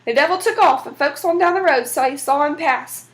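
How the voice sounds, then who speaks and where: A woman storyteller reading a folk tale aloud in a folksy, lively way. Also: high-pitched, normal speed.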